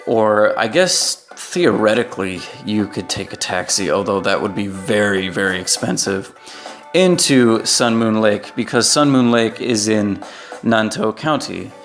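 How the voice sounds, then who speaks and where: A man's voice: on the low side, animated, measured pace, soft background music. An American man giving casual travel recommendations in a loose, conversational way, often checking in with "right?". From United States. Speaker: vlogger.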